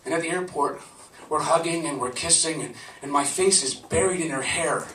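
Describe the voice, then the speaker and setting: A man's voice: fairly high pitch, normal speed, bright, forceful tone, slight background noise. A man telling a personal story to a live audience in a conversational, laughing manner. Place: live event venue. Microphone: camcorder from a distance. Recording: roomy, from far off.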